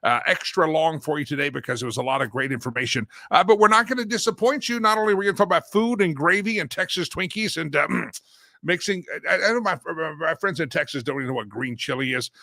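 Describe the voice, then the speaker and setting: A man's voice: a little high, expressive, fast, bright, forceful tone, no room sound. A man hosting a political talk show, joking around and chanting sing-song catchphrases. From Colorado, USA.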